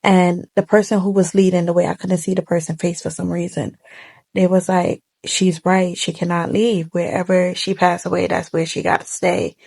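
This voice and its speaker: Young woman vlogging a sad story to her phone, gravelly fry in her voice, fighting back tears, talks real casual. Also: lowish voice, flat delivery, normal speed, darkish tone. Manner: tearful, heartfelt, holding back tears; casual colloquial speech. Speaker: vlogger telling a personal story. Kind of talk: emotional storytime monologue. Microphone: phone camera facing the speaker.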